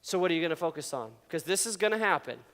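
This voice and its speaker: Speaking fast and expressively, this youth pastor has a slightly high, somewhat bright voice. His casual sermon is playful, with frequent laughter and questions for the audience, delivered before a crowd in a large hall with long reverb.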